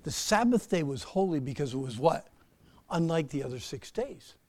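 A man preaching a sermon, swinging between loud emphatic bursts and soft, slow asides, and putting questions to his listeners. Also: a little high, sing-song, no echo. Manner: asks the audience questions. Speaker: pastor.

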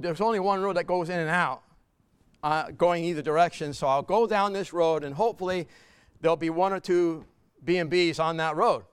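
A man's voice: high voice, normal speed, clear, resonant tone. A man telling a personal story to a live audience in a chatty way, repeating words, laughing and asking the crowd questions.

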